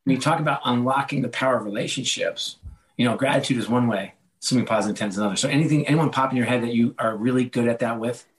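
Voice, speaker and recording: A man at a middle pitch talks through his experiences in a relaxed interview. He is candid and pokes fun at himself. He slips into quoted lines as he tells his stories. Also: very fast, poor audio. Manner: candid, self-deprecating, animated storytelling with quoted dialogue. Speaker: guest, author and former sports executive. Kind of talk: conversational podcast interview.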